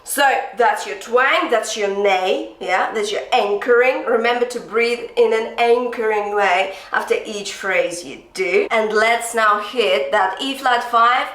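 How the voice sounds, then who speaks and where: A woman's voice: fairly high pitch, measured pace, hardly any pauses, a bit bright, roomy sound. A woman teaching a singing lesson, giving encouraging, direct coaching cues between sung demonstrations. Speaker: vocal coach.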